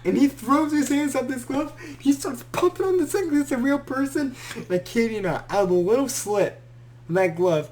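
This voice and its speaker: A man's voice: very high-pitched, moderate pace. A young man hosting a podcast, telling a story in casual chat, acting out quotes and laughing often. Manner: animated storyteller who acts out quotes and laughs a lot. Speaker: podcast host.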